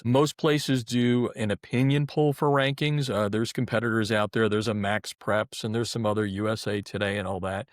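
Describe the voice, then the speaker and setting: In a conversational interview, a middle-aged man who edits a sports website chats folksily, frequently starting sentences over. His voice sits lowish, and the clean studio recording has no room sound.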